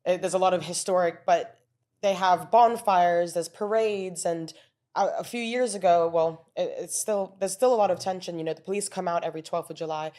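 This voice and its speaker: Lower-voiced woman telling her story. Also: moderate pace, a little mellow. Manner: earnest, explanatory, with frequent restarts. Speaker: interview guest. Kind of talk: casual conversational storytelling.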